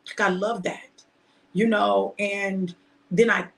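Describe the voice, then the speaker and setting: A middle-aged woman preaching informally to her online audience, shouting and emphatic at times, then reflective and personal. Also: medium pitch, steady tone, takes it slowly, gravelly. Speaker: preacher and host.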